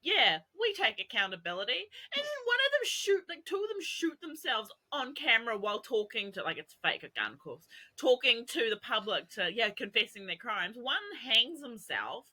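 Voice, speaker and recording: A woman's voice: fairly high pitch, sing-song, normal speed, bright, forceful tone, low-quality recording. A young adult woman co-hosting a podcast, telling a long rambling story with swearing and laughter. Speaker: podcast co-host. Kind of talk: casual chat.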